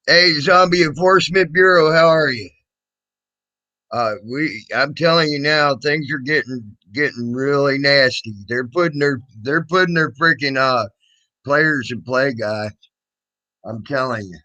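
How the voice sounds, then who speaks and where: A man's voice: medium pitch, sharp tone, poor audio. A man hosting a casual livestream, greeting viewers by name and rambling with many fillers and restarts. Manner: mocking singsong when teasing. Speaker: livestream host.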